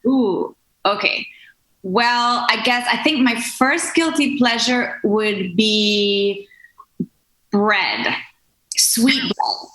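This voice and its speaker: A woman guest on a podcast, a jazz vocal performer, speaking softly and hesitantly over a video call. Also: fairly high pitch, very slow, pauses often, echoey room, poor audio. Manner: soft-spoken, hesitant, searches for words.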